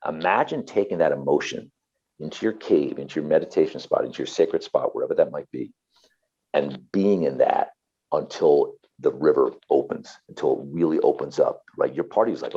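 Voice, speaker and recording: A man's voice: a bass voice, lively intonation, moderate pace, dark tone, slightly rough, muffled recording. A man, a therapist and author, talking earnestly and passionately as an interview guest, often repeating himself.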